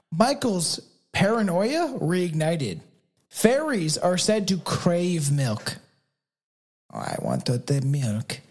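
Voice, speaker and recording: A Canadian man co-hosting a podcast, telling a story in casual chat, swearing and laughing often. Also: high-pitched. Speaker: podcast co-host.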